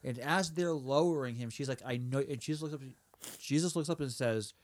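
A man's voice: medium pitch, fairly quick. A man co-hosting a podcast, walking through a TV episode scene by scene and quoting the characters. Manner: retells scenes step by step with quoted lines, casual fillers. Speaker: podcast co-host. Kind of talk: casual discussion of a TV episode.

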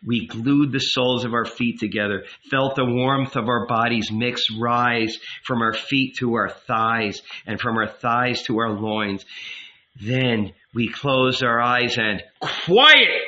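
A man narrating an audiobook in a measured, unhurried way. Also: medium pitch, fairly even intonation, bright, forceful tone, lo-fi sound. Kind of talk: audiobook reading.

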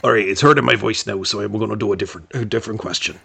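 A man's voice: on the low side, very fast, vocal fry, pushed and bright, slightly rough. A man co-hosting a casual podcast, rambling through answers with fillers and restarts. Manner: rambling, lots of fillers and restarts, laughs easily. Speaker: podcast co-host. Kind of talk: casual chat.

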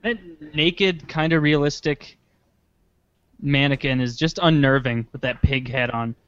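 A man's voice: medium pitch, unhurried, fairly bright tone, clean tone, no echo, dull audio. A young man co-hosting a casual chat, rambling and sarcastic with plenty of swearing.

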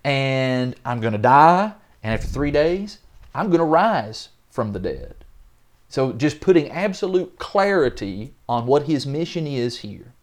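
Animated man discussing scripture. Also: a little slow. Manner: animated, acts out biblical figures with rising pitch. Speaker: Bible study podcast co-host. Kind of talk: casual Bible discussion.

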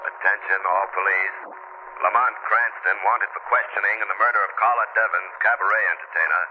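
A man playing a police dispatcher who reads out a bulletin in a formal, clipped manner, his voice a touch low. The old radio recording sounds dull and muffled, with faint hiss behind it. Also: fairly quick, natural voice.

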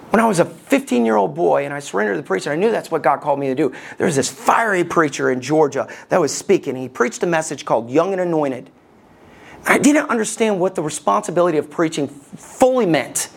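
Male pastor, gravelly voice, impassioned sermon delivery with surges on quoted prayers. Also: sits high.

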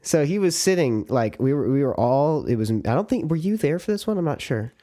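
A man's voice: on the high side, sing-song, a little fast, mellow. Profane, rambling man telling a party story. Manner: rambling, profane, acts out friends' lines. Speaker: podcast co-host. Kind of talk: casual chat, storytelling.

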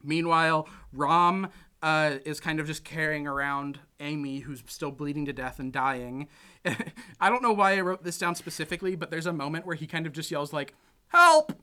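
A man's voice: on the high side, moderate pace, sharp tone, smooth. A young man casually recapping a film plot, rambling with lots of "like" and "you know" and acting out the characters' lines. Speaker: podcast co-host recapping a film. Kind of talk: casual chat.

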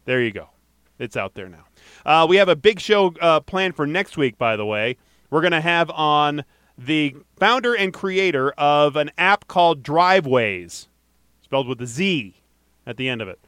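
A man's voice: fairly high pitch, lively intonation, normal speed, fairly bright tone, smooth, no room sound, studio quality. A man hosting a casual podcast, upbeat and chatty, reading out a call-in number and plugging next week's show. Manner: upbeat, chatty, laughs easily. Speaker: podcast host.

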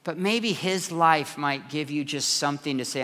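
Bright-voiced man preaching in a reverberant church. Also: on the high side, normal speed. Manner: conversational storytelling, acts out voices. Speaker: pastor. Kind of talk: sermon. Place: church sanctuary. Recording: long hall reverb.

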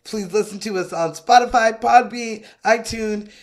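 A woman's voice: a little high, moderate pace. A woman co-hosting a podcast in casual chat, drunk, loose and swearing freely. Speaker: podcast co-host.

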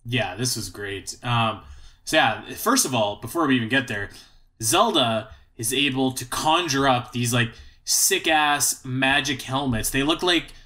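A man's voice: medium pitch, unhurried, sharp tone. A man co-hosting a podcast, chatting casually and joking, often trailing off mid-sentence. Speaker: podcast co-host. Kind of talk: casual chat.

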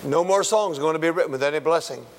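Man, pastor, sermon, higher voice, conversational, rhetorical questions, long church reverb. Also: quick pace, a little hiss or hum.

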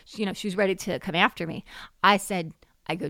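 A middle-aged woman minister telling a lively faith story on a Christian talk show, acting out the dialogue. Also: on the low side, a little fast, no echo. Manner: animated storyteller, acts out quoted dialogue. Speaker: guest minister.

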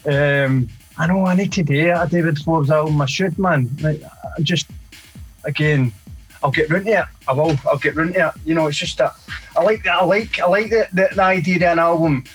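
A man's voice: fairly high pitch, fairly quick, soft background music, low-quality recording. A Scottish man, a DJ and producer, chatting casually in an interview, rambling and dropping "mate" and "you know" often. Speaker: DJ and producer guest.

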